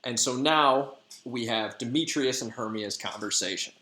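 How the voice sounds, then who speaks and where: A man's voice: medium pitch, normal speed, bright, forceful tone, slight background noise. Slangy, easygoing male teacher. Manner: slangy, conversational, lots of fillers. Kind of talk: casual lesson retelling a play. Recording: echoey room.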